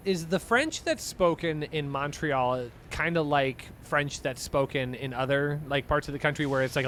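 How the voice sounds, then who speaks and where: A young man from the upper Midwest of the United States, casting an esports match with easygoing, joking chat that lifts with excitement on big plays. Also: mid-range voice, slight background noise. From upper Midwest, USA. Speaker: esports caster. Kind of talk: game commentary with casual chat.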